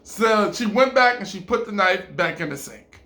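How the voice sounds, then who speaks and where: A man casually telling a story, animated and stammering over repeated words. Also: high-pitched, normal speed. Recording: roomy echo.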